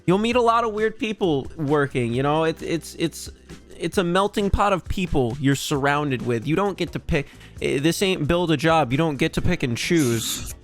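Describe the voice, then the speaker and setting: A man's voice: on the high side, expressive, normal speed, faint music behind. A young man hosting a podcast, chatting in an offhand, joking way with frequent restarts. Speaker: podcast host. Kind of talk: casual chat.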